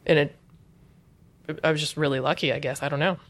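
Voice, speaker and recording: A woman in her thirties, talking as a guest in a casual interview, chatty and animated, with lots of "like". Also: deep voice, a little fast. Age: 30s. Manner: chatty, says "like" often, animated retelling. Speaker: guest, UX designer.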